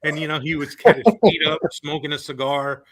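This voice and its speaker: A man in his thirties, a former college baseball player, tells a story on a podcast in an animated, laughing way, with many fillers. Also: on the high side, brisk.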